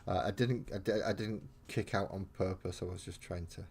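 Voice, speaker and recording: Low-voiced, rambling man. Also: steady tone, normal speed, darkish tone, slight background noise. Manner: rambling and chatty, mild swearing, self-mocking asides. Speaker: miniature painting live streamer. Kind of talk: casual live-stream chat while painting.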